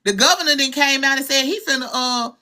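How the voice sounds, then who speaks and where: Southern woman ranting on a live stream, bright and sharp, cussing a lot, from arkansas. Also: high-pitched, fast talker. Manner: blunt, profane, animated. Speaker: livestream host. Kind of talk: casual livestream chat.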